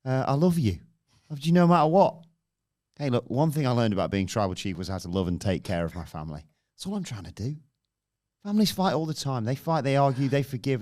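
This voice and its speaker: A man reenacts a scheming wrestler who coaxes and pleads, voice soft and falsely sincere, his tone swinging between tender hushes and lifted appeals. The read is casual, close to the man's own voice, with a lively rise and fall. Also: medium pitch. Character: a scheming male wrestler pleading for family loyalty.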